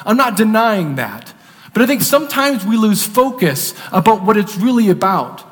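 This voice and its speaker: A man's voice: high voice, sing-song, moderate pace, a bit bright. A man preaching a sermon, telling a story earnestly and repeating words for emphasis. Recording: long reverb of a large hall.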